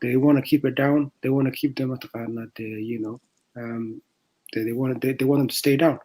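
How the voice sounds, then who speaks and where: A man's voice: medium pitch, steady tone, brisk, darkish tone, husky, poor audio. A man co-hosting a casual stream chat, speaking hesitantly with many fillers and mixing in Somali words. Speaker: co-host.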